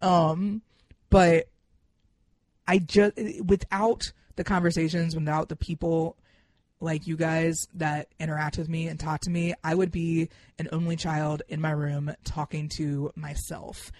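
A young man hosting a podcast in a casual monologue, emphatic and heartfelt, swearing freely and swinging into excited bursts. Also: fairly high pitch, a little slow, no room sound. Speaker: podcast host.

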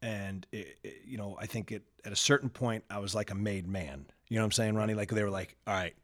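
A man's voice: on the low side, brisk. A man hosting an interview, telling a personal story and acting out the lines he quotes before asking his question. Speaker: host.

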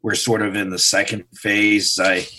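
A man from New York, a public relations executive, answering interview questions haltingly. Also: on the low side, level tone, background noise. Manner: halting, many fillers and restarts. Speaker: PR executive guest.

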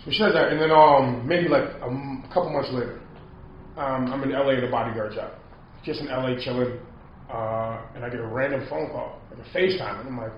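A man's voice: medium pitch, brisk, slight background noise. A man telling a story in casual chat, rambling and packing his talk with repeated fillers. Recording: echoey, distant, dull lo-fi sound.

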